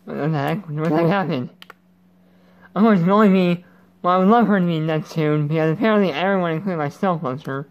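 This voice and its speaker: A man's voice: a little high, fast talker, highs cut off. A man hosting his gaming channel with casual let's-play commentary, rambling and goofy, breaking off mid-thought. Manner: rambling, self-interrupting, goofy.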